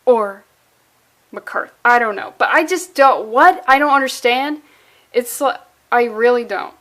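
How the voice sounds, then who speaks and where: A woman's voice: a little high, unhurried, a bit bright. A woman reviewing a comic book in a sarcastic, exasperated way, swearing freely and using valley-girl phrasing.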